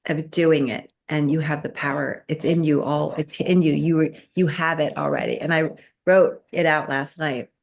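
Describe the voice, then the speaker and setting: A middle-aged woman in casual podcast chat, telling a story with animated storytelling and acting out quoted voices. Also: low-pitched, moderate pace.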